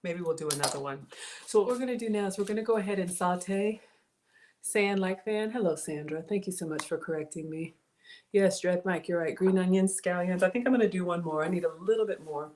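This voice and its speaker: A brisk woman with a fairly low, darkish voice hosts a casual cooking livestream from her kitchen and greets viewers by name. The audio comes from a cell phone and tablet and is noisy.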